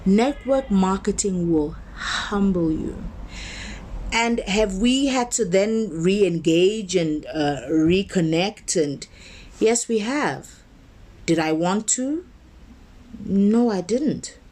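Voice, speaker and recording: Her darkish, mid-range voice stays animated as this woman minister gives an inspirational talk in sermon style. She talks conversationally but with emphasis, easing her pace to stress important words and repeating ideas to build each point.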